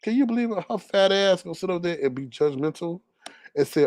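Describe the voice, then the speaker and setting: A man's voice: high-pitched, animated, fairly quick, no room sound. Indignant man ranting in a dry close voice. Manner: loud, indignant, drawling, swings between outbursts and mutters. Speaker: caller on a live talk stream. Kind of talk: animated casual ranting.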